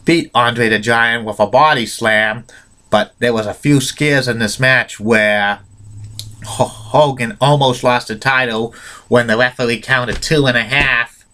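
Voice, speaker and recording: A man casually retelling an old rivalry for a video, halting often and restarting his words. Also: medium pitch, a bit bright. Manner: halting, with many restarts and fillers. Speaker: wrestling history video host.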